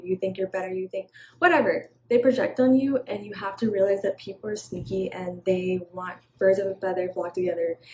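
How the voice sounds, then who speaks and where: Chatty woman vlogging advice, mellow warm voice, says y'all a lot, rough audio. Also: medium pitch, a little hiss or hum. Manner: casual, chatty, slangy, laughs often, says "y'all". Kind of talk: casual advice monologue to camera. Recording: poor audio quality.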